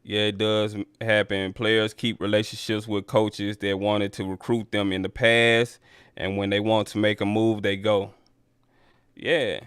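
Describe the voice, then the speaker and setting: A man's voice: lowish voice, little pitch movement, unhurried, a bit bright, smooth, no room sound, clean studio sound. A man hosting a casual sports talk stream, talking loosely and calling his viewers y'all. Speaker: sports talk livestream host. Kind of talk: casual chat reading viewer comments.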